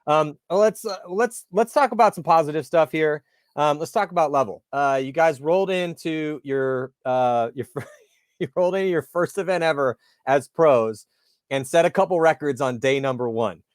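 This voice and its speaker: A man's voice: fairly high pitch, normal speed, no room sound, clean studio sound. A man hosting an interview, chatting in a laid-back way and telling stories. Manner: laid-back storyteller, calls the guest dude. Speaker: interview host. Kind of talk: casual interview chat.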